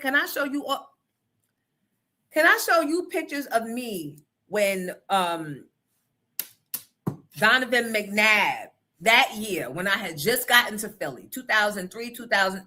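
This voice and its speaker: A middle-aged woman with a New York accent, hosting a live stream and telling stories in a loud, playful, swearing chat with viewers. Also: a little high, animated, measured pace.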